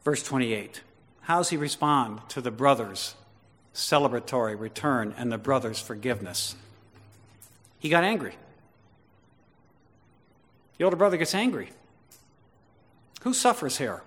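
A man's voice: mid-range voice, animated, a little slow, long pauses, fairly bright tone. Man, preacher, sermon, emphatic rhetorical questions, long hall echo.

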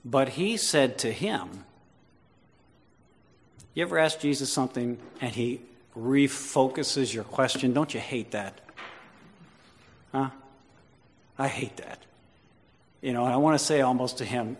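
A male pastor preaches a sermon in a conversational way, asking the congregation questions and building toward emphatic, repeated declarations. His voice is medium-pitched and a little slow with frequent pauses, and a long hall reverb fills the recording.

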